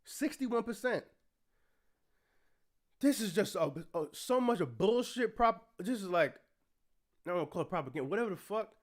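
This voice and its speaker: A high-pitched young man rants through a political commentary stream, reacting to what he reads. He is indignant and profane and breaks into angry shouts. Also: expressive, moderate pace, pauses often.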